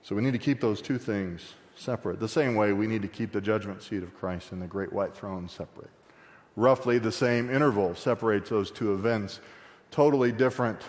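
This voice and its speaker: A man preaching a verse-by-verse sermon in a church sanctuary, his voice carrying a long hall reverb. He talks with the congregation more than at them, with jokes and quick asides. Loud, emphatic stretches alternate with softer, quieter ones. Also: on the low side. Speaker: pastor. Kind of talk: expository sermon.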